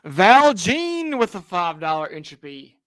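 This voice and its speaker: A man co-hosting a casual chat, reading donations out and answering with wry, profane deadpan humor. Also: high voice, a little slow, dry recording, studio quality.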